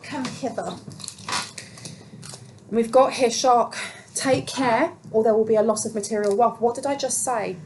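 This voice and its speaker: This tarot reader speaks at a normal speed in a fairly high, darkish voice with fairly even intonation. She rambles through a relaxed collective reading, full of filler words and self-talk while she works the cards. The recording is rough, with slight background noise.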